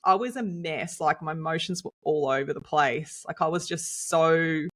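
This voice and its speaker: An Australian woman co-hosting a podcast, telling a story in a lively, chatty way and laughing often. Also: low voice, normal speed. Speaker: podcast co-host and nutritionist. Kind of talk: casual storytelling chat.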